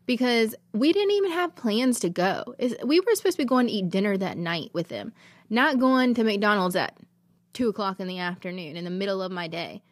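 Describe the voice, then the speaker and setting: A woman's voice: mid-range voice, expressive, fairly quick, no echo, clean studio sound. A woman, hosting a podcast and telling a personal faith testimony in an earnest, emotional, rambling way. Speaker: podcast host.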